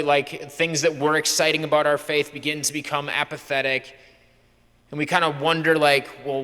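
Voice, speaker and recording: A young male pastor delivers a conversational sermon in a church, acting out dialogue he remembers. His mid-range voice sounds bright and forceful, and the recording carries a long church reverb.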